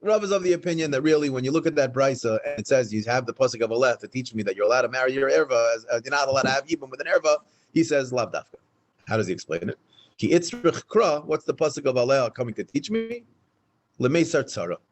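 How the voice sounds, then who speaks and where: Man, Talmud lesson, very fast, emphatic. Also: medium pitch, low-quality recording. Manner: animated, restates points, fast and emphatic. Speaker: Talmud teacher. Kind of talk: Daf Yomi Talmud class. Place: synagogue study hall, in front of a small class.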